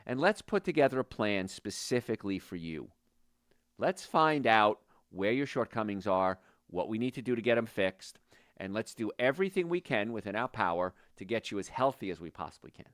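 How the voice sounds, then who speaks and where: Middle-aged man, low voice, dry close sound, folksy rambling health talk, sales pitch. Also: lively intonation, moderate pace, fairly bright tone, dry recording. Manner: folksy, rambling, goes off on tangents. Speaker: health practitioner and show host.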